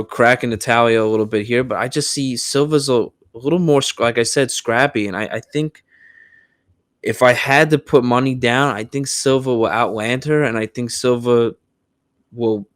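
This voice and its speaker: A young American man co-hosting a casual sports podcast, talking in a relaxed way with frequent restarts. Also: medium pitch, normal speed, no echo, studio quality. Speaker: podcast co-host.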